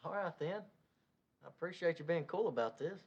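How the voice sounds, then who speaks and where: A man's voice: on the high side, lively intonation, fairly quick, darkish tone, breathy edge, lo-fi sound. An actor playing a young husband who is worried about his wife's debt and presses her with questions. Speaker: sitcom husband.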